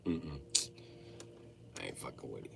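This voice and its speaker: He has a bass voice, a bit slow and creaky, with slight background noise in the clip. A man in his late thirties, he tells profane, comic stories on a livestream in an animated rant, laughing along the way.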